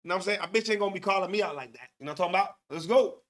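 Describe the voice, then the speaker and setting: A man's voice: high voice, very fast, a bit bright. A man hosting a live stream, talking in slangy, profane casual commentary and laughing often. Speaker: livestream host.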